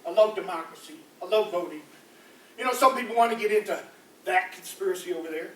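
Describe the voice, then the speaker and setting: A man doing loose political stand-up, rambling and animated and slipping into mocking voices. He sounds distant from the mic in a roomy, echoey space with a faint ambient hum behind him. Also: sits high, fast. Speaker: street comedian. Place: campus room before a live audience. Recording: echoey room, voice from far off.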